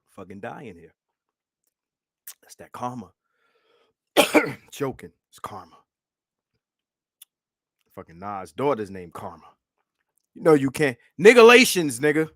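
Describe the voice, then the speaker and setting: A man's voice: mid-range voice, lively intonation, takes it slowly, long pauses, no room sound, studio quality. Mocking, profane male livestream host. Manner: profane, mocking, laughs often. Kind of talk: casual livestream commentary.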